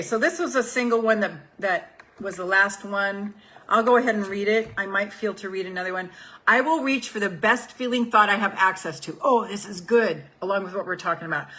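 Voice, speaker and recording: A woman in her seventies who works as a life coach goes through affirmation cards on a relaxed group call, frank and foul-mouthed, hammering points home by repeating them. She speaks a little fast in a medium-pitched, sharp voice, and the recording is low quality.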